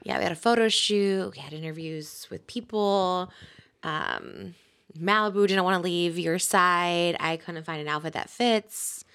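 Soft-spoken giggly woman podcast host. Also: on the low side, a little slow, clear, resonant tone. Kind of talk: casual chat.

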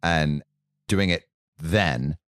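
Deep-voiced male interviewer. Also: very slow, dry recording, clean studio sound. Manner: short, plain follow-up questions and summaries. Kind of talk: interview questions.

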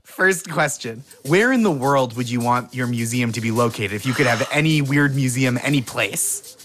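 A man hosting a comedy podcast, playful and quick to laugh as he runs a game for his guest. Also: mid-range voice, fairly bright tone, soft background music. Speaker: podcast host.

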